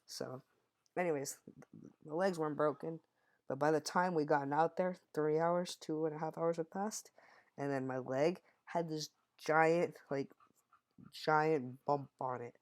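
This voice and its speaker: With an unhurried voice on the high side, this young man recounts a story from his childhood. He rambles casually and keeps correcting himself partway through sentences.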